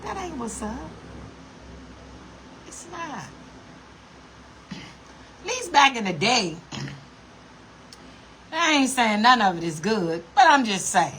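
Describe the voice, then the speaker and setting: A woman's voice: fairly high pitch, sing-song, slow, long pauses, noisy background. A woman vlogger ranting to her camera in a blunt, profane, scolding way. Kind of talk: casual rant to camera.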